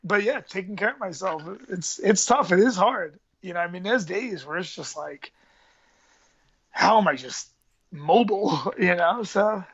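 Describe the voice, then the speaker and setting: A man's voice: sits high, expressive, measured pace, fairly bright tone, breathy edge, muffled recording. A man, an MMA fighter and coach telling stories in a casual podcast interview, rambling and using street slang. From New York area. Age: 30s.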